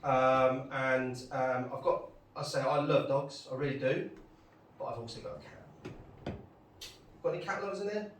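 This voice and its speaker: A man's voice: mid-range voice, moderate pace, long pauses, a little hiss or hum. A middle-aged man performing a chatty stand-up set in a pub, bantering with the crowd. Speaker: stand-up comedian. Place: pub gig room. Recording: echoey pub room, distant mic.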